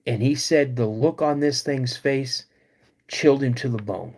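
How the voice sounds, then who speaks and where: A man hosting a live podcast, retelling a creepy encounter slowly with dramatic pauses. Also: medium pitch. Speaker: podcast host.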